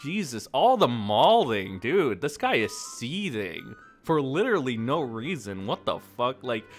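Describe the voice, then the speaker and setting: Mocking, profane man with a lively voice. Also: a little high. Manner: mocking, swears often, breaks into laughter. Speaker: YouTube commentator. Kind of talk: profane reaction commentary.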